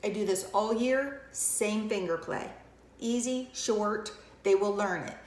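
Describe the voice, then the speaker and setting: A woman's voice: medium pitch, takes it slowly. A woman teacher demonstrating a classroom routine, speaking as if to young children and switching between a full voice and a whisper. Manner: speaks to camera as if to young children, with emphatic questions and praise. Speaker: kindergarten teacher. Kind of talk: instructional demonstration. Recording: roomy echo with faint ambience.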